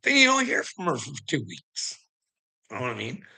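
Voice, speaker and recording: A man's voice: mid-range voice, wildly swooping pitch, normal speed, vocal fry, pushed and bright, husky. A man on an angry livestream rant, swearing heavily and sounding bitter and indignant. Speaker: streamer.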